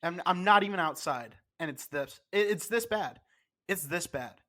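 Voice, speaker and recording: A man's voice: high voice, expressive, moderate pace, sharp tone. Congested, ranting male podcast co-host. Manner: profane, ranting, mock-indignant. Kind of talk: casual chat.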